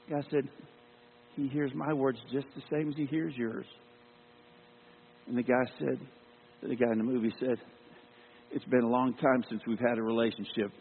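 A man's voice: medium pitch, vocal fry. A man preaching a sermon, telling a personal story and acting out the dialogue in it with earnest feeling. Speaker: lay preacher. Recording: tinny phone-like sound with long hall reverb and mains hum.

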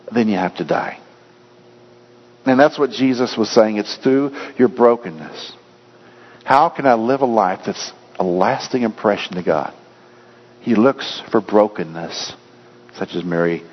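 A man preaching a sermon earnestly, often swinging between raised and hushed delivery. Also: mid-range voice. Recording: long reverb, dull lo-fi sound.

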